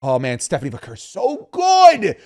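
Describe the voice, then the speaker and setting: Animated, higher-voiced podcast guy. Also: normal speed. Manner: animated and opinionated, with frequent restarts. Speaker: podcast co-host. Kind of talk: casual chat.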